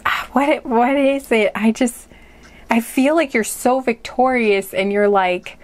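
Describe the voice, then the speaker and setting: A woman with a slightly high voice speaks slowly through an informal pick-a-card tarot reading. Her delivery is rambling and unsure, full of ums and likes, with laughs sprinkled throughout.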